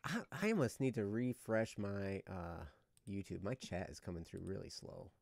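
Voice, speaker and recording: Man, co-host, gravelly, casual stream chat, jokey, restarts sentences. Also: sits low, normal speed, darkish tone, dry recording, studio quality. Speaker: co-host of a live-streamed talk show.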